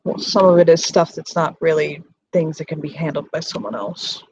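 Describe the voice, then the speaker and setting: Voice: medium pitch, level tone, normal speed, background noise, close to an everyday voice. Weary male werewolf alpha voiced by a player; dutiful, subdued, muffled mic.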